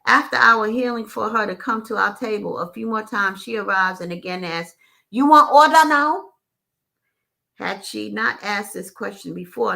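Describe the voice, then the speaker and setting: Woman narrating an audiobook, expressive, casual asides, gravelly, bright tone. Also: medium pitch. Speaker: audiobook reader.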